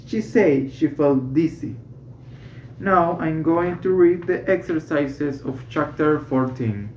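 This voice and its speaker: A student slowly reading a medical English textbook aloud, correcting small slips along the way. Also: mid-range voice, a little mellow, a little hiss or hum. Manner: slow, careful reading with self-corrections. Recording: roomy, slightly dull home recording.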